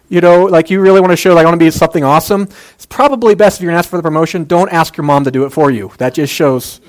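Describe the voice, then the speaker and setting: A man preaching a casual, conversational sermon, making jokey asides and using plenty of fillers. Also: on the high side. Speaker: pastor.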